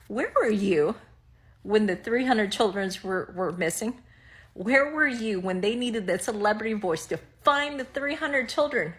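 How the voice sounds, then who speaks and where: A woman's voice: medium pitch, expressive, a bit bright. A woman commenting theatrically, drawing out her words with mock outrage. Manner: theatrical, drawn-out, mock gasps. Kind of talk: reaction commentary.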